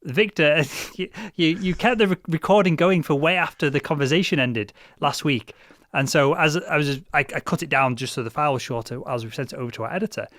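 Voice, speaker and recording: A man's voice: on the high side, a little fast, fairly bright tone, no room sound. A young man hosting a podcast, chatting casually with lots of restarts and fillers. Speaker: podcast host. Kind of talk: casual chat.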